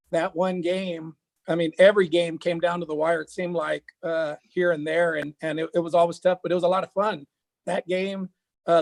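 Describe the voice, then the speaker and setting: A man, a high school football coach, chatting casually and rambling with many fillers and restarts. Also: creaky, dry recording. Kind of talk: casual chat.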